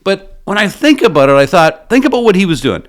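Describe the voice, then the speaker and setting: Animated male business coach telling a story. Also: high voice, a little fast. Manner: animated storyteller asking the audience rhetorical questions. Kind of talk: motivational storytelling talk.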